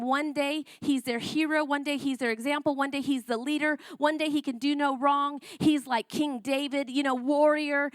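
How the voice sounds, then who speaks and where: A woman's voice: high voice, no echo, clean studio sound. A woman preaching a sermon, telling a personal testimony in an emotional, conversational way and often repeating herself.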